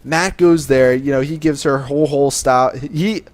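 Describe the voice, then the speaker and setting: A man's voice: mid-range voice, normal speed, no echo. Swaggering young man telling a story. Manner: swaggering, profane, with filler words and restarts. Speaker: vlogger telling a life story. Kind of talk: casual storytelling to camera.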